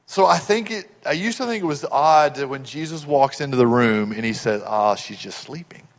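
Middle-aged male pastor, slightly high voice, sermon with hushed asides and rising climaxes, long church-hall reverb. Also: fairly quick. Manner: swings from hushed, tender asides to loud, rising build-ups.

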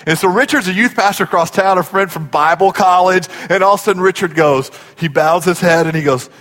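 A man preaching a sermon in a church, telling stories in an animated way and acting out the voices in them. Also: high voice, a little fast. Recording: long hall reverb.

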